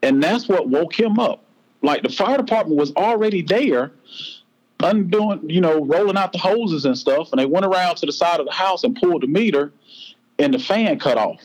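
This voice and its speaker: A man's voice: a little high, darkish tone, poor audio. A man in his forties with a Southern US accent, telling a personal story as a podcast guest in an earnest, heartfelt way. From North Carolina, US.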